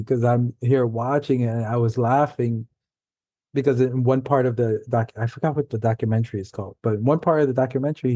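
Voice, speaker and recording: Mellow-voiced male guest author. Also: medium pitch, fairly even intonation, no room sound. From New York City. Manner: halting, loose storytelling with trailing phrases. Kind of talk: casual conversational chat.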